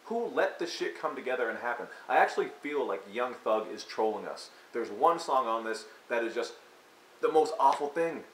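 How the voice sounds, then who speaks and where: A man's voice: medium pitch, fairly bright tone. A man giving a crude, mocking rant of an album review, breaking into exaggerated impressions. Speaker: music reviewer. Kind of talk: ranting comedic album review. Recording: echoey room with faint hiss.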